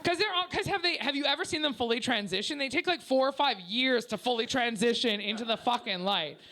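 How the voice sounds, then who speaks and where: A woman's voice: a little high, animated, brisk, sharp tone. A young woman doing a crude, brash stand-up set at a small comedy venue, often laughing at her own jokes.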